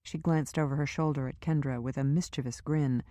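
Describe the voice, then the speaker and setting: A woman reading a crime thriller audiobook in an even, measured narration. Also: rumbling low, dry recording. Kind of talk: scripted narration.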